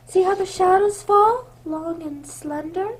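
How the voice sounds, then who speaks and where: A woman playing a sweet, gentle young princess who frightens easily, in a radio drama. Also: very high-pitched, unhurried. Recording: loud background noise.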